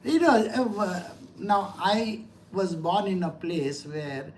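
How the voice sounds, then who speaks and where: A middle-aged teacher explains scripture in an easy, conversational way. The voice sits at a medium pitch. The teacher keeps asking the listeners questions and tells stories from home. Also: slow pace, darkish tone, slight background noise. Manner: conversational, asks listeners rhetorical questions and tells personal anecdotes. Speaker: spiritual teacher. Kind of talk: scripture lecture.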